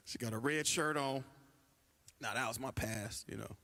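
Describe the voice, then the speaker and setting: A man doing a stand-up comedy routine with animated storytelling, acting out the voices of other people. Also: medium pitch, slow, pauses often. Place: church stage before a live audience.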